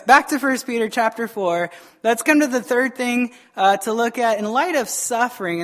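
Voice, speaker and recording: Male pastor, lively preacher, jokes, quizzes the pews. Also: high voice. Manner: animated, joking, quizzes the congregation. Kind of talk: sermon. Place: church service.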